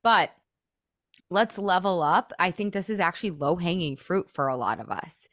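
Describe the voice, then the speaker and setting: A woman in her thirties coaching on a podcast, her voice sitting a little low and recorded close and dry with no room sound. she talks casually and fast, scatters "like" everywhere and acts out the thoughts in her own head. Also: no echo. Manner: chatty, peppered with "like", acts out inner thoughts. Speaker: weight loss coach and podcast host.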